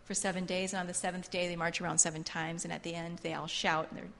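A woman's voice: lowish voice, level tone, quick pace, creaky, a bit bright, a little hiss or hum. A woman teaching a Bible class in a fervent, repetitive preaching style. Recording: long hall reverb.

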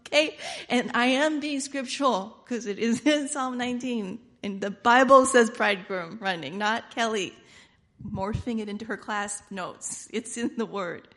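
Slightly high-voiced woman delivering a sermon with lots of energy. She laughs often and slips into acted-out quotes as she talks. Her delivery is lively and personal. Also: measured pace. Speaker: preacher.

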